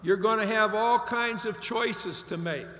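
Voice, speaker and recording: An older man from Ohio delivers a commencement speech at a large graduation venue, his high voice pushed and bright at a measured pace. He tells stories in a folksy, emphatic style, and echoey hall reverb fills the recording.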